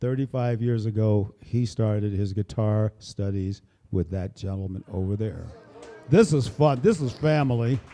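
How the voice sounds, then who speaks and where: Before a live audience in a small performance space, an older bandleader presents his musicians with joking, meandering banter over the microphone. He speaks a little slowly, in a fairly low voice with a dark tone.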